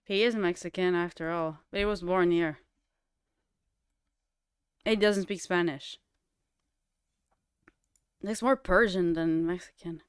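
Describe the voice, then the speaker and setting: A woman hosting a livestream in casual chat, blunt and quick to swear. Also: lowish voice, fairly even intonation, smooth, dry recording, studio quality. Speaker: livestream host.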